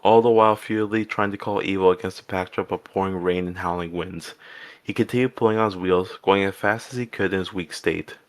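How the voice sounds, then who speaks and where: A man reading fan fiction aloud in a steady voice, sometimes stumbling and restarting words. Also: low voice. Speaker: fanfic reader.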